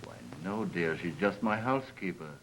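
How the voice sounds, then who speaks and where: An actor playing a brooding older man troubled by a curse, speaking softly and pleadingly in a 1930s film. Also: deep voice, lively intonation, moderate pace, low-quality recording. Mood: tender. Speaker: house owner. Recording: old film soundtrack with faint hiss.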